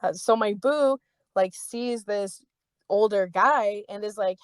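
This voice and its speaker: A woman's voice: slow pace, smooth, dry recording. Young woman telling a heated story, dry sound. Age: young adult. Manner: heated, swears freely, heavy use of "like"; reenacts dialogue with raised pitch. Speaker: podcast host. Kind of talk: casual storytelling chat.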